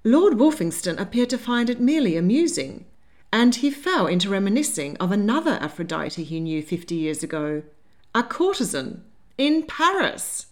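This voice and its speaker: A spirited young Regency lady, agitated and exasperated, pressing every point with urgency. A woman plays her in an audiobook. Her voice lifts high and swings widely. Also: big pitch swings, moderate pace, natural voice. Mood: urgent.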